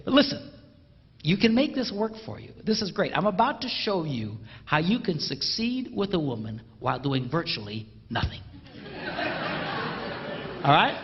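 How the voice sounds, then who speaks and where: A man giving a humorous live talk to an audience, playful and animated. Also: high voice, moderate pace, some chatter behind. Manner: playful and animated, mimics a bell sound. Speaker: speaker addressing an audience. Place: large hall with a live audience. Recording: dull, roomy hall recording.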